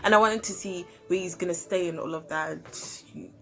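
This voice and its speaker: Animated South African woman telling a story. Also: on the low side, moderate pace, creaky, soft background music. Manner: animated, swearing, hesitant fillers. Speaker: YouTuber. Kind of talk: casual storytime.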